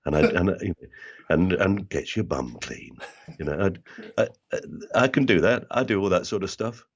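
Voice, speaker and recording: An older man with a London accent tells animated stories in a casual interview. His voice sits very low but swings widely in pitch, and it comes through a slightly dull, lo-fi recording. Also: moderate pace. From South London. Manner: animated storyteller who slips into other people's voices. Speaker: interview guest, actor and voiceover artist.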